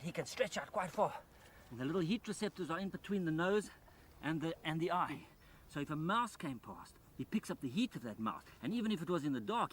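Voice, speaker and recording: A man's voice: fairly high pitch, a bit bright, a little hiss or hum. A man presenting a wildlife documentary outdoors by rice paddy fields, enthusiastically explaining as he handles a snake.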